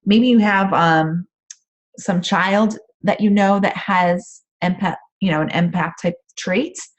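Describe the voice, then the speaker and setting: A woman's voice: on the low side, takes it slowly, muffled recording. A woman coach giving casual, rambling advice on a group call from her home office, with frequent "um" fillers. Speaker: empath coach.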